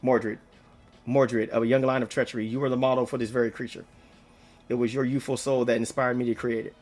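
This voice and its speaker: A man reading game dialogue aloud, voicing a grave, formal older male noble who speaks in measured, flowery sentences. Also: mid-range voice, little pitch movement, a little mellow, faint music behind, close to an everyday voice. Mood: warm. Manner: measured, formal, ornate speech.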